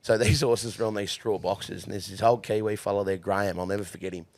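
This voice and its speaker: A man's voice: on the low side, steady tone, fast, darkish tone, no echo. A young Australian man, a horse trainer, telling crude stories with lots of swearing and laughter in a casual podcast chat.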